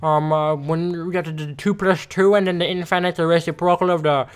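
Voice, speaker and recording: A muddled woman math teacher who rambles, mumbles and trails off into jumbled words, as a teenage boy mimics her. Her voice sits a little higher than his own talk. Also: steady tone, fairly quick, clear, resonant tone, natural voice. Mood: confused rambling.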